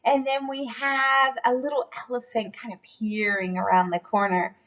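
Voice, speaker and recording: A woman's voice: fairly high pitch, level tone, moderate pace, a bit bright, muffled recording. A woman curriculum specialist reading a storybook aloud to children in a cheerful, encouraging lesson. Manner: cheerful, encouraging teacher talk.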